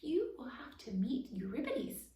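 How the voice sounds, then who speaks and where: A woman voicing a sweet, gentle young girl kitten in a storybook reading, soft and reassuring, in a roomy recording heard from a distance. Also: sits high, big pitch swings, measured pace, voice pushed up. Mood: friendly. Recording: roomy, distant, faint hiss.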